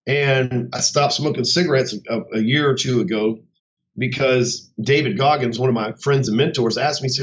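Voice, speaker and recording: A man's voice: mid-range voice, moderate pace. A man talking off the cuff in his office, blunt, profane and swaggering. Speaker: host of his own show. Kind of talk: casual unscripted monologue. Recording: dull muffled sound.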